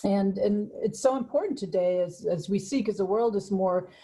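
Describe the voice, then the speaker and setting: This is a woman guest speaker on a webinar, talking over a video call. Her voice is mellow and warm, and she sits mid-range in pitch for a woman. She tells her story slowly and pauses often. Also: husky, rough recording. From San Francisco, USA. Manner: unhurried storytelling, pausing often. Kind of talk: webinar presentation.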